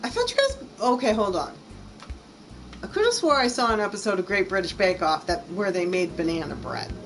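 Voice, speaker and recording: A woman's voice: medium pitch, very animated, brisk, fairly bright tone, a little hiss or hum, rough recording. An American woman streaming a game, chatting casually, gushing and laughing easily. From United States. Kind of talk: casual let's-play chat.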